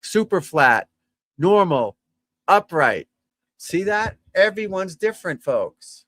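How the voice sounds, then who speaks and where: A man's voice: sits high, very animated, takes it slowly, a bit bright, dry recording. Golf coach guy chatting on a livestream, blunt and swears a lot, dry close mic. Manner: blunt, profane, chatty, addresses viewers as folks and guys. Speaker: golf instructor hosting a livestream. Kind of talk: casual livestream commentary.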